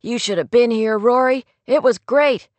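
A woman voicing an excitable, cheeky teenage boy, speaking high and eager. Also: normal speed, dry recording, close to an everyday voice. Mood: excited.

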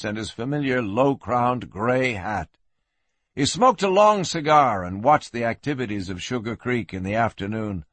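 A man narrating a western story in lively scripted narration. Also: mid-range voice, no echo. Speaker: audiobook narrator.

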